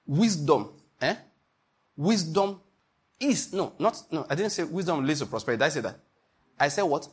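A pastor preaching an emphatic sermon, often asking the congregation if they follow. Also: male voice, a little high, lively intonation, moderate pace, long pauses, breathy edge.

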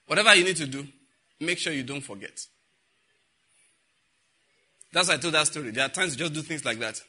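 Bright husky preacher. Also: male voice, on the high side, a little fast. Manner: storytelling, acting out dialogue, frequent laughter. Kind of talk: sermon.

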